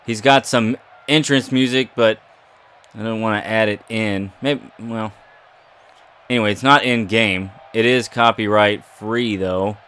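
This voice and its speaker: A man's voice: fairly low pitch, fairly even intonation, measured pace, a bit bright, clean tone. A man giving playful, jokey commentary over a wrestling video game and talking back to its characters. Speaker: gaming YouTuber. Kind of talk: casual gameplay commentary.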